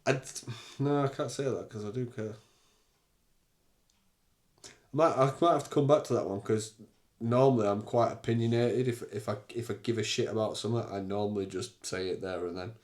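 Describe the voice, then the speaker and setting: A man's voice: fairly low pitch, fairly even intonation, moderate pace, darkish tone. A young man hosting a podcast, talking candidly and bluntly in a casual solo monologue, with the odd swear word. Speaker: podcast host.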